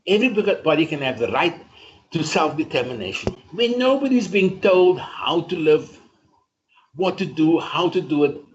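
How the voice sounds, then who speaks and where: A middle-aged South African man telling stories in an interview, speaking in a measured, declarative, speech-like cadence. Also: a little high, a little hiss or hum. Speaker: interview guest, community leader. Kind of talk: storytelling interview. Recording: dull lo-fi recording.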